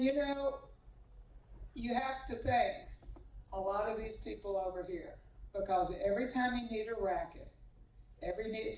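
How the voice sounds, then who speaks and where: A woman's voice: medium pitch, darkish tone, dull audio, a little hiss or hum. A woman tennis coach giving a humorous banquet speech, teasing former players with anecdotes and acting out their voices. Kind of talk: humorous after-dinner speech. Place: banquet hall at a club. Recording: echoey banquet hall, mic from a distance.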